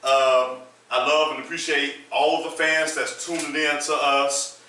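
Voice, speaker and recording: A man with a bright, mid-pitched voice hosts in a loose, joking, profane style. He often stumbles and restarts his words. He sounds distant in a very echoey room with faint noise behind. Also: fairly even intonation, unhurried. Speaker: podcast host. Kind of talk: casual podcast chat.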